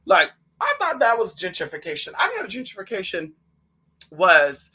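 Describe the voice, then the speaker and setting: A man's voice: high voice, moderate pace, slightly rough. A man vlogging in a sassy, outspoken casual monologue, chatting with the listener and calling them "girl". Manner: animated and outspoken.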